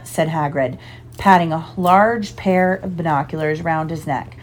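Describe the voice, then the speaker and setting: A woman giving a lively, expressive storybook narration. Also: on the low side, normal speed, a little hiss or hum. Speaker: audiobook reader.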